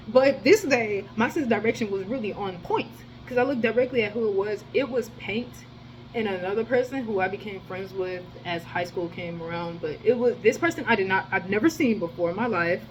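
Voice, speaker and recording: A woman in the middle of a loose storytime monologue, tripping over restarts and swearing freely. Her voice sits at an ordinary pitch and leaps in loudness when she gets worked up. A faint hum of room ambience runs behind her. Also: rough recording. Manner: rambling, slangy and profane, with many restarts; animated, with sudden jumps in loudness. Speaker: storyteller vlogger.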